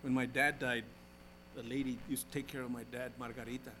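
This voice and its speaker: A male pastor preaching a sermon in church, calling out to the congregation and switching between loud exhortation and hushed, folksy storytelling. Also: mid-range voice, level tone, fairly quick, slight background noise, rough recording.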